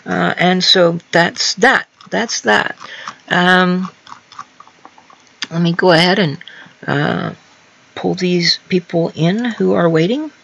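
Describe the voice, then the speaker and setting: A woman's voice: lowish voice, slow, gravelly, long pauses, fairly bright tone, husky, lo-fi sound. A woman hosting a casual livestream news show, reading articles aloud and chatting with guests, laughing often. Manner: reads quotes aloud, laughs often, frequent ums.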